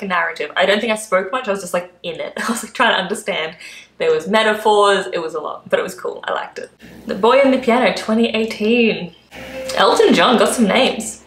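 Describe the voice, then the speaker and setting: A woman's voice: mid-range voice, fairly bright tone, echoey room, rough recording. A woman with an Australian accent, a vlogger chatting and gushing as she reacts to adverts. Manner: chatty and gushing, full of "like" fillers. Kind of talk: casual reaction commentary.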